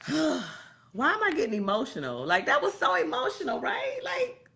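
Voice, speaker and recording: A woman's voice: high-pitched, gravelly, fairly bright tone. A woman hosting a live stream show, gushing and effusive in casual chat.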